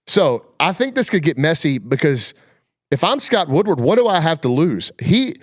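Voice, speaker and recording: A man hosting a casual sports talk show makes his points in a folksy, colloquial style. His voice sits at an ordinary middle pitch, and the sound is dry and close with no room sound at all.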